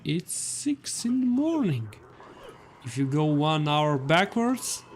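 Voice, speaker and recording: A man's voice: medium pitch, a little hiss or hum. A man with a non-native English accent that is often taken for Slavic, streaming gameplay live and chatting playfully with viewers. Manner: playful, teasing, animated. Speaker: gaming streamer.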